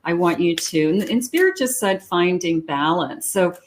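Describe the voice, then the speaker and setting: A woman reading tarot cards aloud in a chatty, reassuring way, thinking out loud as she goes. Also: on the low side, lively intonation, normal speed. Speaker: psychic tarot reader.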